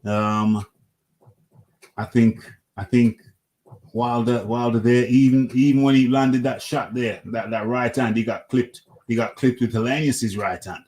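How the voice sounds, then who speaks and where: A man's voice: mid-range voice, fairly even intonation, unhurried, darkish tone. A British man hosting a casual boxing talk show, repeating himself as he makes emphatic points. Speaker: boxing podcast host.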